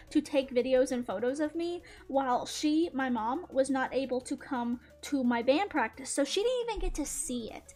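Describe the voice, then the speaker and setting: A young woman channel host chatting through a casual storytime while drawing, quick and full of "like". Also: high-pitched, darkish tone. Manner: chatty, fillers of "like", quick retelling with laughs.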